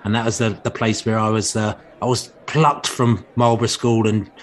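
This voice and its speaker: A man's voice: fairly low pitch, flat delivery, normal speed. Rambling man hosting a fan podcast. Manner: rambling, repeats himself, warm asides. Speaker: podcast host. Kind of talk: casual fan podcast chat. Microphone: remote call mic.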